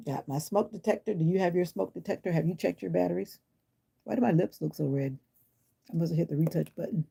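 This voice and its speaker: A woman's voice: on the low side, fast, gravelly, warm tone, breathy edge. A middle-aged woman chatting casually on a livestream, answering viewers' comments in a blunt, sassy way while feeling unwell. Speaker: livestream host. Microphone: phone or device mic.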